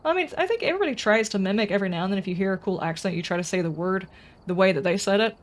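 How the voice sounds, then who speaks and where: A woman's voice: mid-range voice, expressive, rapid-fire. A woman streaming a game, chatting casually and rambling as she answers her viewers' comments. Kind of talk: casual live-stream chat.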